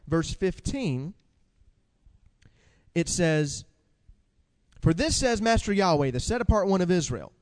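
A man preaching a sermon with animated delivery, asking the congregation questions and reading scripture aloud. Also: sits high, long reverb tail.

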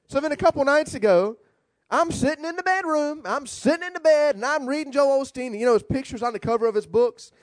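Brief: male rabbi, funny storytelling sermon, very expressive swooping delivery. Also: very high voice, fast, no echo. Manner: animated, humorous storytelling preaching.

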